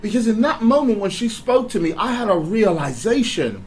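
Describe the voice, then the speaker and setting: A man speaking in a slightly high voice tells a personal story in a candid motivational talk. He is animated and confessional, often laughing as he talks. A faint hiss of room noise sits under his voice. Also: moderate pace, rough recording.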